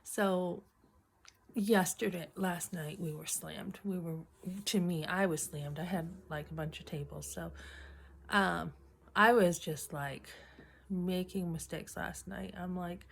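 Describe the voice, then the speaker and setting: Speaking slowly to her camera, a middle-aged vlogger shares a funny story from her workday, acting out quotes with gusto. She has a slightly low voice for a woman and frequently clears her throat while chatting.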